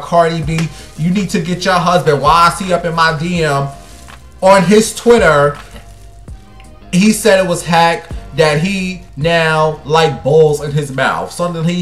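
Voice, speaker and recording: A man hosting a casual celebrity gossip show, sassy and blunt, swinging between loud bursts and hushed asides. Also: a little high. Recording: echoey room with faint music.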